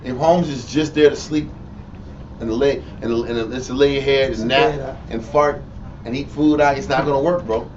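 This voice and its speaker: A man with a Texas accent, teaching the Bible informally in an animated, profane way and mimicking people. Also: medium pitch, normal speed. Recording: lo-fi room recording from a distance with faint noise.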